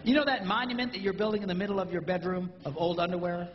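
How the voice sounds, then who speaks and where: A man doing a stand-up comedy routine, animated and acting out spouses in mimicked voices. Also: high-pitched, fast, some chatter behind. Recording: roomy live hall, dull lo-fi sound.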